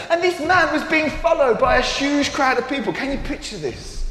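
A man telling a Bible story in a playful, animated way with frequent asides to listeners. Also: very high voice, fairly quick, hardly any pauses. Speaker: storyteller for a congregation. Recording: echoey hall with faint ambience.

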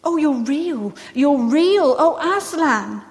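Brief: frightened little girl, high and breathless, put on by a woman reader; reverberant church. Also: lively intonation, normal speed. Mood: overjoyed. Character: frightened, eager young girl.

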